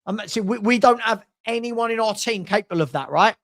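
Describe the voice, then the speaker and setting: A man's voice: high voice, brisk, a bit bright. A middle-aged man from South London with a London accent, hosting a casual live-stream football chat and reading out scores and viewer messages.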